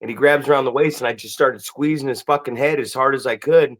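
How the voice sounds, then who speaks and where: A man's voice: mid-range voice, fast. A man hosting a podcast who speaks bluntly in casual chat, trading stories and swearing freely. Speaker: podcast host.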